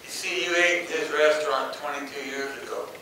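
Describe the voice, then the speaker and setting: A man's voice: on the high side, steady tone, a little fast, noisy background. Folksy man telling stories in an echoey hall. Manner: folksy, anecdotal, acts out quoted voices. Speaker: speaker. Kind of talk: motivational storytelling talk. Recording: echoey hall, mic far off.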